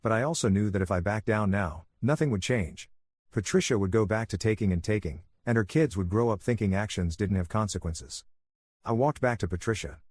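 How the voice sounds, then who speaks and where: A man tells a long story in a calm, steady voice, low-pitched and husky. The sound is dry and close, and the delivery stays measured. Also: no room sound. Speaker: narrator.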